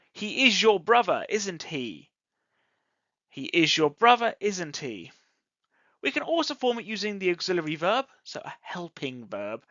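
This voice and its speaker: An English teacher walks slowly through a grammar lesson, stretching the pitch up and down to act out each example. The voice is bright and clear, heard dry and close. The audio is a bit dull and lo-fi. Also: no echo. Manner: deliberate, acts out example sentences with exaggerated intonation. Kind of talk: scripted online grammar lesson.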